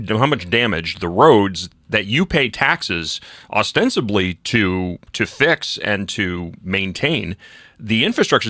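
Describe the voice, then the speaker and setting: A man's voice: on the low side, bright, forceful tone, no room sound. A man hosting a political talk radio show, ranting sarcastically in a casual chat with many restarts. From New England.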